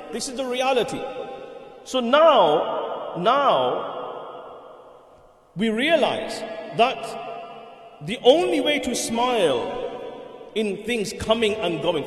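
A man giving a Friday sermon in a mosque, driving points home with rhetorical questions and repetition. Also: very high-pitched. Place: mosque prayer hall. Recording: echoey mosque hall, long reverb.

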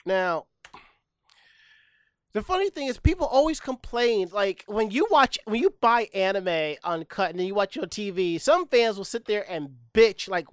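A man's voice: high voice, lively intonation, normal speed, smooth, dry recording, studio quality. A man chatting bluntly and profanely as a podcast co-host. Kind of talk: casual chat.

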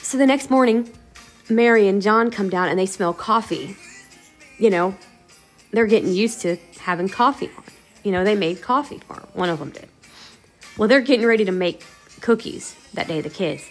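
A woman's voice: mid-range voice, moderate pace, faint music behind. Woman casually retelling a story. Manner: rambling, conversational, many "you know" fillers. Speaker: podcast host. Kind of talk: casual retelling of a radio episode.

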